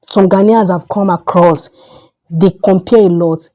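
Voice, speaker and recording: A young Nigerian woman with a Nigerian accent, giving an emphatic opinion vlog that repeats its points and jumps up in pitch when heated. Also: steady tone, unhurried, dark tone. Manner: emphatic, repetitive, rises sharply when heated. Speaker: vlogger.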